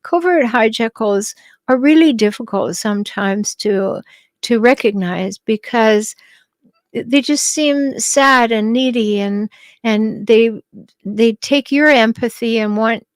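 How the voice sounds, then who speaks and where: A middle-aged woman hosting a podcast, calmly answering listener questions with advice and the odd light laugh. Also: a little high, takes it slowly, dry recording. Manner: calm, advising, light laughs, some restarts. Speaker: podcast host and relationship advisor.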